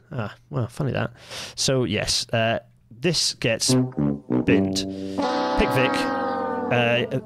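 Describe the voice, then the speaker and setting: Gravelly man rambling through a podcast. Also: mid-range voice, a bit bright. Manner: rambling, self-correcting, full of fillers and asides. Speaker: podcast host. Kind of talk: casual livestreamed podcast talk.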